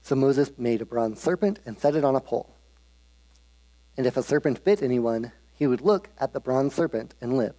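A man preaches a casual Bible storytelling sermon, humorous and animated, in a mellow, medium-pitched voice at a moderate pace. He restarts often, and the hall around him has a long echo.

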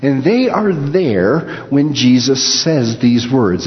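A man preaching a sermon, animated, dropping low and slow when he quotes scripture. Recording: dull reverberant hall.

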